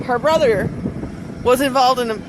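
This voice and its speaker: A woman vlogging outdoors in a town cemetery, talking in a halting, musing way, repeating phrases and getting emotional. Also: fairly high pitch. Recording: outdoor street noise. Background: passing traffic.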